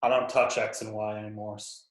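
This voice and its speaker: A man's voice: fairly low pitch, little pitch movement, fairly quick. Casual male podcast host, jokey and loose, recorded in a roomy space. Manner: laid-back, joking, lots of fillers. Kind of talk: casual chat.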